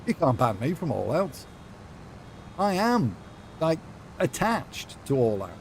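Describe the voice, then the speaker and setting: A man's voice: a little high, sing-song, slow pace, slight background noise. A young man streaming a farming game, chatting playfully and sassily with lots of fillers. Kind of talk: casual live-stream chat while gaming.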